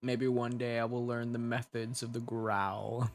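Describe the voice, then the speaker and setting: A man's voice: mid-range voice, flat delivery, a little slow. A man hosting a casual livestream who laughs often and rambles in a self-deprecating way while he reads chat messages aloud and answers them. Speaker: ASMR creator hosting a livestream.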